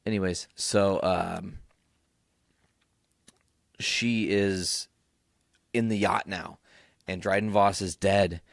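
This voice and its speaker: A young man hosting a podcast alone, recapping excitedly, rambling and swearing freely. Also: low-pitched, takes it slowly, creaky, pauses often, no room sound, studio quality. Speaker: podcast host. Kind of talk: casual solo recap.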